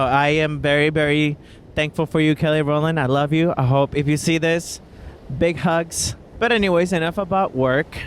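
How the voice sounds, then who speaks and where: A man, a singer-songwriter and podcast host, tells casual stories in an expressive way, laughing often and calling the listener baby. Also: a little high, a little hiss or hum. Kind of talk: casual storytelling monologue. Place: Los Angeles, indoors.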